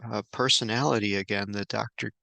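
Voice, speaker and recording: A man giving an unscripted Bible study lesson indoors, halting often with fillers and restarts. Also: on the low side, steady tone, gravelly, pushed and bright, no room sound. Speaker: Bible teacher.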